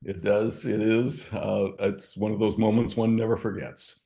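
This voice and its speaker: Speaking unhurriedly with vocal fry, an older Michigan entrepreneur recounts reflective stories as an interview guest, using plenty of verbal fillers. His voice is dark and on the low side, with little pitch movement.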